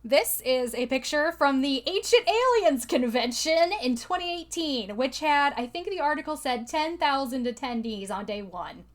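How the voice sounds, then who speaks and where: Young woman, high voice, chatty, laughs a lot, podcast co-host. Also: expressive, moderate pace, few pauses. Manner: chatty, laughing often, many fillers. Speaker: podcast co-host presenting slides. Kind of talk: casual chat.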